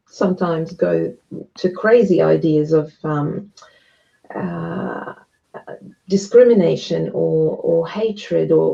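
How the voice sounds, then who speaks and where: A woman speaking earnestly and at a measured pace in an online discussion, often restarting her sentences. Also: lowish voice, gravelly, warm tone, highs cut off. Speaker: guest speaker.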